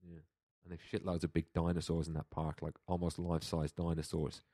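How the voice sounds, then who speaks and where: A man with an Irish accent talks in a relaxed, rambling way, breaking into laughter often. His voice sits very low. The sound is dry and close, with no room around it. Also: brisk, no echo. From Ireland. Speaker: guest. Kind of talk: casual chat.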